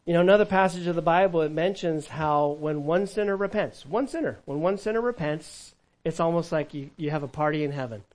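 A man preaching a sermon in a church, shifting from lively emphasis to hushed, conversational asides. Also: on the high side, quick pace, few pauses, low-quality recording. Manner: animated, conversational preaching with sudden drops to a hush. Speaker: pastor.

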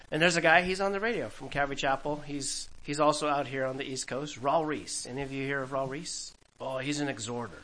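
A man in his fifties, a pastor giving a conversational, animated Bible-teaching sermon to his congregation, laughing now and then at his own stories. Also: a little high, fast, few pauses, low-quality recording. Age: 50s.

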